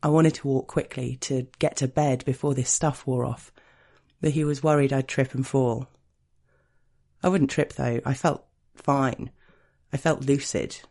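A man reading a first-person erotic story in a slow, intimate, hushed way. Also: mid-range voice, steady tone. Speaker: narrator.

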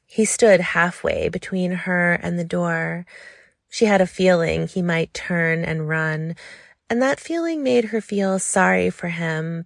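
Slow, gravelly woman narrator. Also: fairly low pitch, no echo, clean studio sound. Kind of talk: audiobook narration.

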